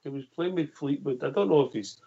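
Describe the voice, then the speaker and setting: A man's voice: a little high, fast talker, dark tone, lo-fi sound. A man hosting a radio call-in show, chatting with callers in friendly banter. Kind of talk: casual call-in chat.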